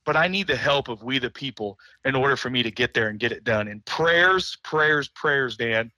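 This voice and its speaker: A man's voice: medium pitch, lively intonation, normal speed, sharp tone, no echo, poor audio. A man from Missouri speaking as an interview guest, making a fervent, emotional appeal and often repeating his words. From Missouri, USA. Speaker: guest, doctor.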